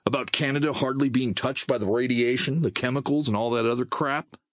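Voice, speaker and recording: A man's voice: medium pitch, steady tone, a little fast, fairly bright tone, no room sound, studio quality, close to an everyday voice. A man voicing a sarcastic, hot-tempered young male wasteland scavenger, speaking in a snappy, bitter way. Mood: scornful.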